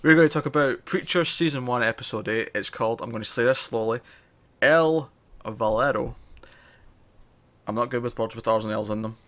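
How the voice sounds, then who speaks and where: Man, casual co-host, lively, laughs a lot, restarts his sentences, medium pitch. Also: fast talker, few pauses. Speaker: podcast co-host. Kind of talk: casual chat.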